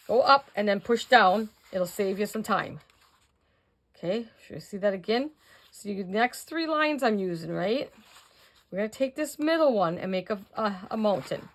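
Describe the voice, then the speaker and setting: A woman's voice: medium pitch, animated, moderate pace. An older woman hosting a casual crafting tutorial, chatting to viewers as she works and counting out measurements.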